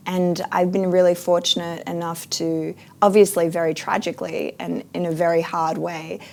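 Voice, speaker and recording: Woman guest in an interview, kinda low pitched, earnest and thoughtful, lots of ums. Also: little pitch movement, normal speed, creaky, a little mellow. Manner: earnest, reflective, frequent fillers. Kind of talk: casual interview.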